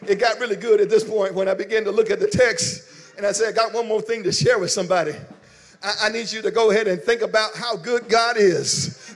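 A male pastor preaching a sermon in call-and-response style, with a rhythmic "uh" cadence that climbs into shouts. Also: sits high. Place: church sanctuary. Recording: long church reverb.

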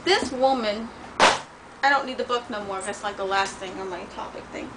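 A woman's voice: mid-range voice, normal speed. A middle-aged woman ranting in a vlog, blunt and profane as she tells a heated story, sore and in pain. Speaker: vlogger. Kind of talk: venting vlog rant. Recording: distant mic with faint noise.

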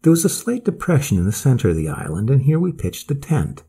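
A man narrating a classic story as an audiobook, measured and expressive, with a husky voice. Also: mid-range voice.

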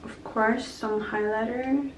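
A young woman chats slowly and a little high while getting ready for a night out, gushing and teasing herself, sometimes dropping to a whisper. She has a cold. Her voice sounds roomy and set back from the camera. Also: steady tone, recorded from a distance, a little hiss or hum. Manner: chatty, gushing, self-mocking, breaks into whispers. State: sick with a cold. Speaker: vlogger. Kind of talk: casual vlog chat.

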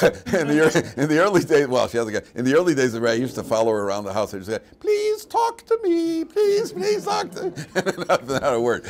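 A man, a rabbi teaching a class and telling funny personal stories, laughing at his own jokes. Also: slight background noise. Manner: animated storyteller, laughs at his own jokes, big jumps in pitch and loudness. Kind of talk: lively class talk with personal anecdotes.

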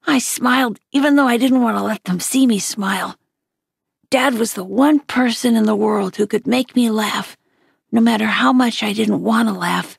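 Husky, gravelly woman reading aloud. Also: on the high side, moderate pace, no room sound, clean studio sound. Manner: steady, storytelling. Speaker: reader. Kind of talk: reading a children's novel aloud.

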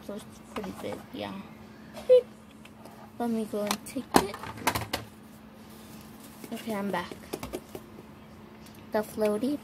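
A woman narrating a toy doll shopping game in a chatty, halting way with plenty of fillers, on a noisy home recording. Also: medium pitch, gravelly. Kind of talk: playful toy role-play narration.

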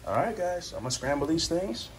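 A man's voice: on the high side, very animated, a little fast, slight background noise. A man hosting a casual cooking vlog in his home kitchen, joking and talking straight to viewers. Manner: jokey, laid-back, talks straight to viewers. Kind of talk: casual cooking demo chat.

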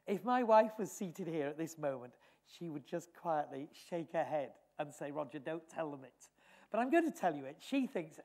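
A man preaching a sermon, earnest, often dropping his voice softly for emphasis. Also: fairly high pitch. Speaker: evangelist preacher. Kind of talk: sermon with storytelling.

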